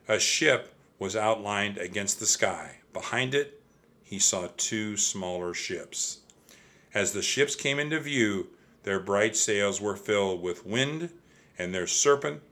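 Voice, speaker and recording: A man reading a children's chapter book aloud. His voice is bright and clear. He reads steadily and expressively. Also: on the low side. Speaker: narrator. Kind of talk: audiobook storytelling.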